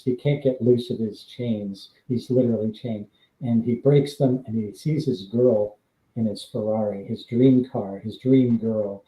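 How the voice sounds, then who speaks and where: A former stunt double with a mellow, mid-range voice tells casual, rambling stories on a live stream, full of fillers and with laughs between lines. The audio is poor and the room sounds echoey.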